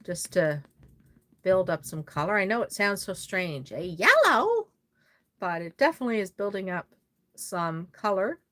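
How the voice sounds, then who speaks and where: Speaking at a normal speed in a voice on the low side, a Nova Scotian woman chats loosely with her live stream audience. She wanders from topic to topic and reads out comments while working on a doll.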